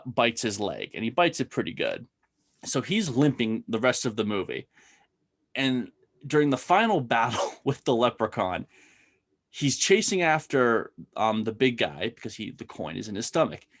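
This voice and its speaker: A man's voice: medium pitch, moderate pace. A man co-hosting a casual horror-film chat, retelling scenes expressively and laughing at them. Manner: expressive storyteller, laughs at his own recaps. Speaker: podcast co-host.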